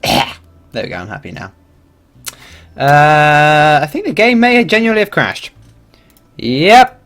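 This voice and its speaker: Lively, rambling male game streamer. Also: fairly high pitch, unhurried. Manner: animated, rambling, swears and laughs freely. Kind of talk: casual livestream commentary.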